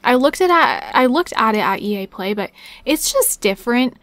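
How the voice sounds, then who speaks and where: A young woman chatting her way through a life-sim game, excitable and quick with her words. Her voice sits fairly high, and the sound is close and dry with no room around it. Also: no echo. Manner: fast-talking, excitable, chatty. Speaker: gaming YouTuber. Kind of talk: casual gameplay commentary.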